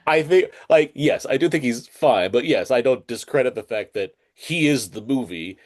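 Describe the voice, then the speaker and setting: A man's voice: mid-range voice, expressive, moderate pace, a little mellow. A man co-hosting a casual podcast, rambling with lots of fillers. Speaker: podcast co-host.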